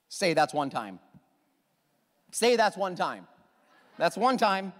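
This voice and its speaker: A middle-aged man preaching a sermon as pastor, telling the story with lively restarts and repeated words. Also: sits high, moderate pace, in a large hall. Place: church hall.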